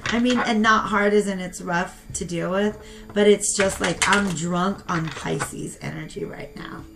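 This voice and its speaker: A young woman giving a casual tarot reading and talking straight to her viewers in a chatty, animated way. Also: mid-range voice, unhurried, heavy background noise. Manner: chatty and animated, talks to viewers as "you guys". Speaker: tarot reader.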